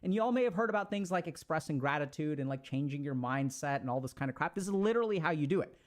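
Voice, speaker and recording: A man giving casual motivational advice in an animated, coaching way with slangy asides. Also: on the high side, fast. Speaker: self-help speaker.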